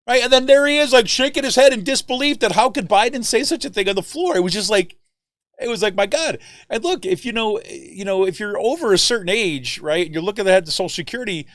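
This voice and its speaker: A man hosting a political podcast, talking in an animated, rambling way with lots of fillers and tag questions like "right?". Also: high-pitched, a little fast, no echo, clean studio sound. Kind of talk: casual political commentary.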